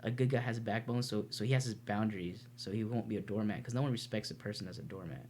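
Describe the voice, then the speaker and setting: A man's voice: lowish voice, fast, darkish tone, a little hiss or hum. Brief: podcast man, martial arts teacher, earnest rambling storyteller, swears freely. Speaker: podcast co-host. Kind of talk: casual podcast chat.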